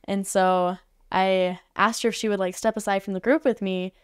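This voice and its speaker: A woman's voice: mid-range voice, fairly even intonation, normal speed, clear, resonant tone, no room sound, clean studio sound. A woman guest on a podcast, telling a story casually and chattily, with lots of "like" fillers. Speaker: podcast guest, art facilitator. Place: podcast studio.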